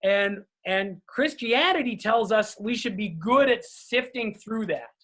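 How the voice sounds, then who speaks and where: A man's voice: sits high, animated, measured pace, fairly bright tone. Earnest man, guest on a call. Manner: earnest, checks in with "right?". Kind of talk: casual conversation.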